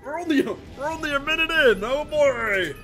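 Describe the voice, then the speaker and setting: A male streamer putting on a nasal, strained frog puppet voice while gaming, yelping and squeaking. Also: lively intonation, normal speed, pushed and bright, faint music behind, heavily acted. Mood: strained, frantic.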